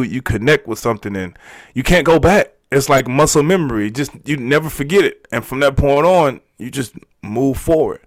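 A man's voice: medium pitch, no echo. A man, telling a personal story in a candid, emotional way, often restarting his words. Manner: emotional, halting, repeats words. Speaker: podcast guest.

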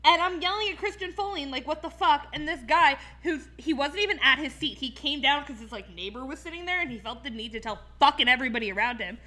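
A woman's voice: sits high, animated, fast talker, hardly any pauses, bright, forceful tone. A woman from Philadelphia hosting a casual podcast chat, ranting with heated profanity and many fillers. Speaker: podcast host.

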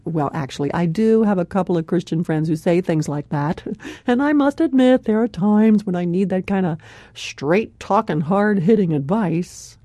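A woman hosting a devotional radio program, telling a Bible story in a warm conversational way, with a laugh here and there. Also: on the low side, lively intonation, normal speed, dry recording.

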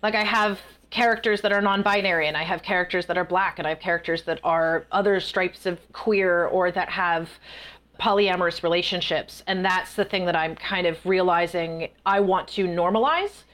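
A woman guest author in a casual interview, telling stories in a chatty, animated way. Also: lowish voice, normal speed. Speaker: guest author and festival performer.

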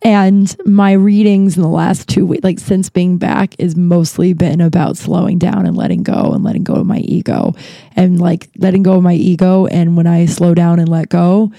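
A woman's voice: on the low side, little pitch movement, moderate pace, gravelly, dark tone, no room sound, studio quality. A young woman hosting a casual solo podcast, talking candidly and rambling with lots of fillers and restarts. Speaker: podcast host.

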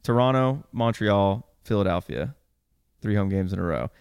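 A young man co-hosting a casual sports podcast, telling stories in a relaxed, rambling way with lots of fillers. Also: lowish voice, moderate pace, smooth, dry recording, clean studio sound. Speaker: podcast co-host.

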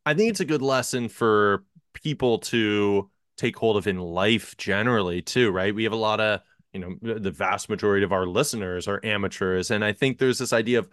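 A man's voice: fairly low pitch, a little fast, a bit bright, no room sound, studio quality. Thoughtful man asking long questions. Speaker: podcast host. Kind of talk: interview questions, conversational.

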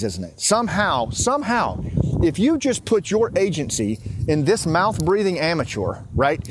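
This man's voice is a little high, and the background is noisy. He's a podcast host in his 50s giving a casual walking monologue outdoors in a small river town, earnest and emotional at first and growing passionate.

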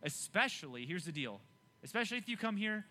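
A young man preaching a youth sermon, animated and emphatic, often repeating himself to keep listeners engaged. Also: sits high, fairly quick. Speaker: youth pastor.

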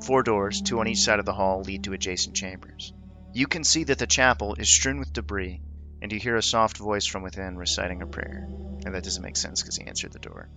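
A man runs a tabletop game, reading out scene descriptions and reacting loosely to his players. His voice is low and forceful, with a bright, tense edge. Faint music plays underneath. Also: gravelly. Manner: descriptive, laughs easily, fills pauses with uh and um. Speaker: game master.

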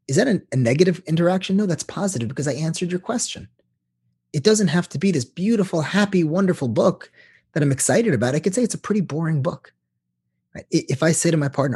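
Husky man explaining with lively pitch. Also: brisk. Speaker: couples therapist. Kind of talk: explaining in an interview.

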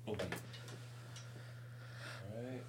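A man's voice: extremely slow, very noisy. A man hosting a casual chat, answering with short laid-back reactions and the odd curse. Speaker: podcast host.

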